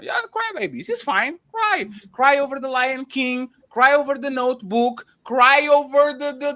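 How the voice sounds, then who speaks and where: A man's voice: very high-pitched, sharp tone. A man hosting a panel show, arguing heatedly, repeating names and words and talking over others.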